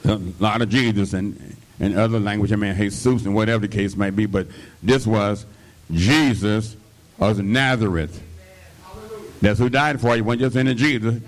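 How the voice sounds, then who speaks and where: A man's voice: fairly low pitch, moderate pace. An older man preaching a sermon, filling his lines with amens, hallelujahs and call-and-response, with a slight cough. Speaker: pastor.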